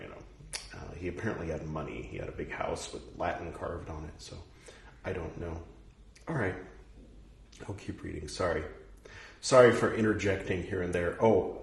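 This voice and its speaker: Low-voiced rambling man in his forties. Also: creaky, fairly bright tone, a little hiss or hum. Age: 40s. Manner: rambling, self-interrupting, apologetic asides. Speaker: reader and commentator. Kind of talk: reading aloud with casual commentary. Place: room in Goa, India. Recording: roomy sound, distant from the mic.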